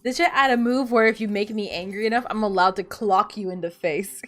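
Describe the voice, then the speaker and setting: A woman's voice: mid-range voice, brisk, faint music behind. A woman streamer chatting casually while playing a game, rambling and laughing often. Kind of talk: casual gaming stream chat.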